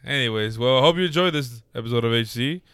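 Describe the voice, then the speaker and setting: A man co-hosting a casual podcast chat, animated and swearing, often stammering and restarting his sentences. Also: medium pitch, fast, clean tone, no room sound, studio quality. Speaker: podcast co-host.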